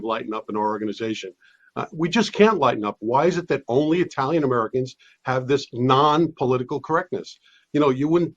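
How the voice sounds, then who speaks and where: A man's voice: on the high side, muffled recording. A man who leads an advocacy group, speaking as an interview guest in an indignant, emphatic way.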